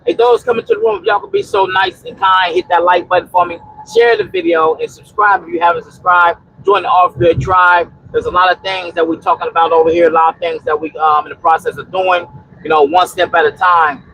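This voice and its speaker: Male trucker host, high gravelly voice, preachy and rambling, streaming from his cab with a faint engine hum. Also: fairly quick, sharp tone, poor audio. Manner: preachy, repetitive exhortation; rambling with many restarts and "you know". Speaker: trucker and homesteading livestream host. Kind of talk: casual livestream talk, answering chat.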